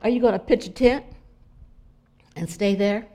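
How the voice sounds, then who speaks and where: A woman's voice: mid-range voice, normal speed. Woman giving a conversational sermon. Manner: conversational, asks the audience questions, drops to soft prayerful asides. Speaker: spiritual speaker. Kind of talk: inspirational sermon.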